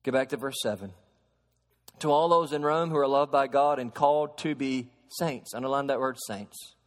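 Pastor preaching in a reverberant sanctuary. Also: male voice, mid-range voice, moderate pace. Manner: swings from soft explaining to loud preaching; asks the congregation questions. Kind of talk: sermon. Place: church sanctuary. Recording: long hall reverb.

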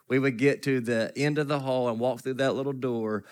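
A man preaching to his congregation in an easygoing, storytelling way. His voice sits at an ordinary middle pitch, and he keeps the tone light with self-deprecating humor. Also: fairly even intonation, normal speed. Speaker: pastor. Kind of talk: sermon.

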